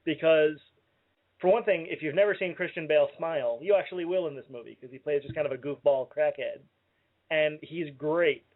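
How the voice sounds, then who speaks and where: Guy with a bit of a higher voice chatting about a movie on the radio, tinny phone sound. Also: a little fast. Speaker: radio show co-host. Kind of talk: casual comedic banter. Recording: phone-like narrow-band audio.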